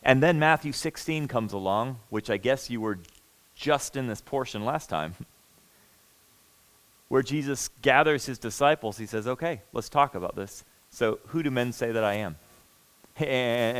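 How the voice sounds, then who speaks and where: A man preaching a sermon, earnest and emphatic, moving between loud stress and hushed intensity. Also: medium pitch, low-quality recording. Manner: earnest, emphatic, repeats words when stressing a point.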